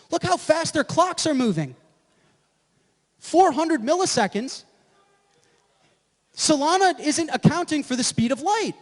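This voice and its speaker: A man giving a live presentation at an event, brash and profane, who keeps checking with the audience. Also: very high-pitched. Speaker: conference presenter. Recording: echoey hall with long reverb.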